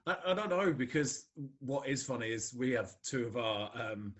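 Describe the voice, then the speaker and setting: A man's voice: medium pitch, expressive, moderate pace. A middle-aged man from Scotland with a neutral English accent, chatting as a podcast guest, laughing often and using many fillers. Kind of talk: casual conversation.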